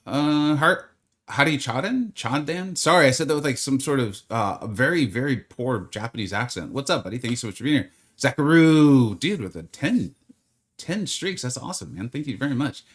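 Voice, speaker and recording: A man's voice: medium pitch, very animated, brisk. A man streaming a game live, chatting casually and greeting viewers by name in a rambling, friendly way. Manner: rambling, with many fillers.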